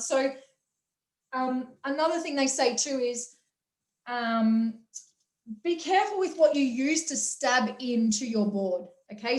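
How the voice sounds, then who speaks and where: Energetic woman hosting a motivational workshop; high voice, echoey room. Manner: energetic, enthusiastic, acts out quotes. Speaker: workshop host. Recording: roomy echo.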